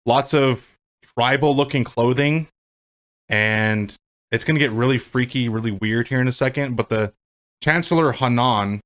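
A man's voice: mid-range voice, moderate pace, a bit bright. Profane, joking man recapping a movie. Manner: goofy, profane, does silly character voices. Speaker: movie rewatch podcast co-host. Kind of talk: casual movie commentary chat.

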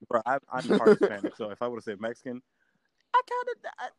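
A man co-hosting a casual podcast chat, joking and trash-talking in an animated way. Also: mid-range voice, a little fast, dry recording, clean studio sound. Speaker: podcast co-host.

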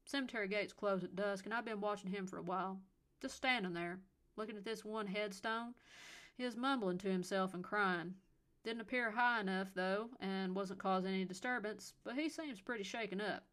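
A condescending old policeman with a deep Southern accent drawls on and on, as a woman reader puts him on. He sounds folksy and sure of himself. The story is told as a spoken audiobook. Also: normal speed, fairly bright tone, lightly acted. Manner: drawling, patronizing.

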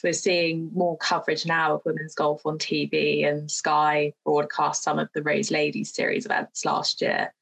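A woman's voice: low voice, creaky, a bit bright, poor audio. A woman hosting an interview, asking long, friendly questions. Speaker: interviewer, podcast host.

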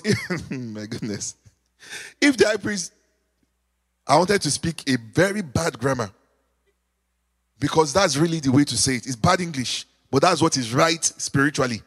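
A man preaching a sermon, animated, with call-and-response, sudden shouts and sung lines. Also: a little high, slightly rough, long reverb tail. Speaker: pastor.

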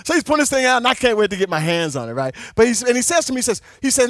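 A man preaching a sermon, telling a personal story in an animated way and at times breaking into shouts. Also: extremely high pitch, rapid-fire, dry recording.

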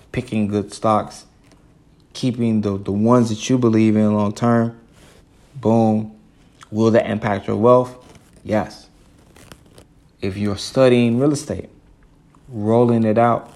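Podcast host, young American man, low and gravelly, earnest and a bit preachy, repeats lines for emphasis. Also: darkish tone. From United States. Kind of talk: casual solo podcast monologue.

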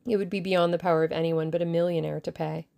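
Woman doing a cool scornful society lady, low gravelly voice, calm. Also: fast. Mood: light.

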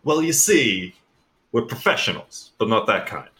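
A man playing a tabletop game, quick and jokey. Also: fairly low pitch, very animated, sharp tone, husky. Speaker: player. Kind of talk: casual tabletop play.

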